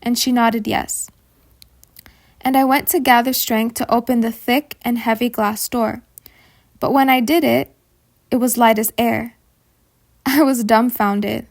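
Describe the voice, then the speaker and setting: A woman storyteller narrating a true horror story in a slow, deliberate first-person reading. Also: on the high side, creaky.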